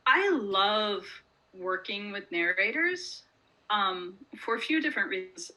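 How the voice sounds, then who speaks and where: Bright-voiced chatty woman author. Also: medium pitch, very animated, a little slow, poor audio. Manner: chatty, lots of "like" and "um", laughs often. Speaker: author guest. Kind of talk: casual interview chat.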